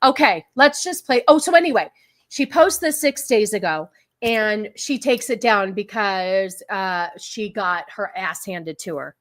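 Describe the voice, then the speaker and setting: A woman's voice: medium pitch, animated, measured pace, a bit bright. A woman hosting a casual livestream podcast, talking in a sarcastic, mocking way and laughing often. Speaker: podcast host.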